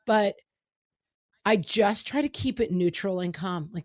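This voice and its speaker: A woman's voice: on the low side, moderate pace, a little mellow, no room sound, studio quality. Chatty mother co-hosting a podcast. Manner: chatty, acts out quoted exchanges with her kids. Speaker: podcast co-host. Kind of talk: casual parenting chat.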